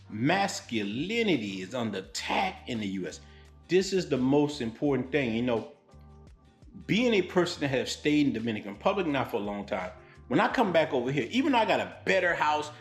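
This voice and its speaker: A man from Louisiana telling stories on his vlog in a blunt, animated, street-style way. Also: medium pitch, echoey room. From Louisiana, United States. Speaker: vlogger. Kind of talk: storytelling vlog.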